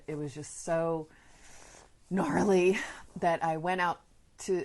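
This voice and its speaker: Low-voiced woman podcast host. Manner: earnest, conversational, speaks directly to listeners. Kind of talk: casual advice talk. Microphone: podcast microphone.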